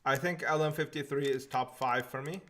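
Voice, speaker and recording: A man's voice: mid-range voice, fairly quick, fairly bright tone, a little hiss or hum. A young man hosting a live stream, reading out viewer questions and answering them in an offhand, casual way. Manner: laid-back and offhand, often says "man". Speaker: livestream host.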